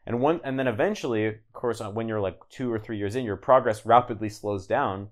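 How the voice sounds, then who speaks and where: A man's voice: on the low side, brisk. A man talking casually as a podcast guest, explaining at length with lots of fillers and restarts. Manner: relaxed, rambling, many "like"s and restarts. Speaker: guest, language learner.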